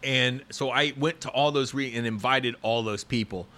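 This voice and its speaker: A man in his fifties telling long stories in a relaxed podcast conversation, full of fillers and restarts. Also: mid-range voice, normal speed. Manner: rambling, storytelling with many fillers and restarts.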